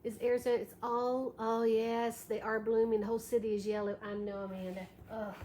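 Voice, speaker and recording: A woman's voice: on the high side, little pitch movement, fairly quick, dark tone. Chatty woman hosting a craft livestream. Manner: chatty, thanks viewers by name while demonstrating. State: a little tired, allergies. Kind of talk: live craft tutorial chatting with viewers. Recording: echoey room with faint background noise.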